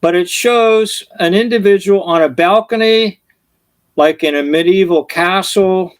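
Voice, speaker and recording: A man preaching, telling funny illustrations with chuckles as an animated storyteller. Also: sits high, unhurried. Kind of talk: sermon illustrations, storytelling jokes.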